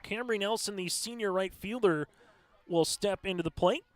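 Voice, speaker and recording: A man calling live high school softball play-by-play in a steady, conversational way, filling pauses with stats and lineup notes. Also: no echo. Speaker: play-by-play announcer. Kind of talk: live sports commentary.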